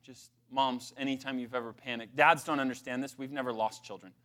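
A man's voice: mid-range voice, steady tone, brisk, bright, forceful tone. A man preaching a conversational sermon, emphatic, with frequent restarts and asides to the congregation. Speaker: pastor.

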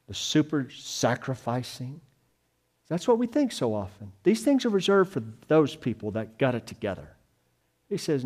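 A man preaching a sermon, moving between loud, emphatic declarations and hushed, pleading appeals to his listeners. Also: mid-range voice. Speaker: pastor.

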